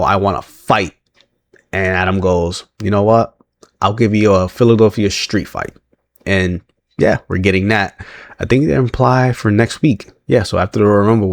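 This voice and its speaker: Guy with a lowish voice rambling through a recap, lots of ums and little laughs, dry close mic. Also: dry recording. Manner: rambling, frequent fillers and self-corrections, chuckles while retelling. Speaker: wrestling recap vlogger. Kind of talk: casual spoken recap.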